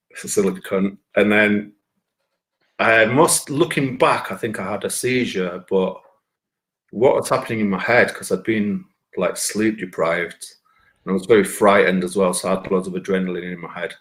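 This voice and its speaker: A man's voice: deep voice, moderate pace. Sweary Bradford-accented man telling a story. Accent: Northern English (Bradford). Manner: profane, rambling, excitable anecdote. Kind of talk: stand-up storytelling.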